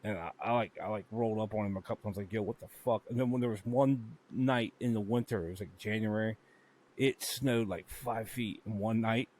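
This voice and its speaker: A man's voice: on the low side, a little hiss or hum. A man co-hosting a podcast, telling stories in a loose, profane, joking way. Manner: profane, storytelling, laughs often. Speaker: podcast co-host. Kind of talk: casual chat.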